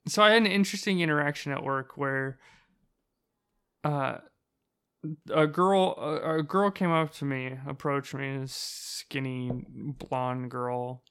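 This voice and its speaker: A man with a bright, forward voice, talking into a podcast microphone. He rambles through stories, restarts his sentences and laughs as he goes. His pitch sits in the middle of the usual range. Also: measured pace, smooth. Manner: rambling storyteller, laughs often, swears casually. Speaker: podcast co-host. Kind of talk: casual chat.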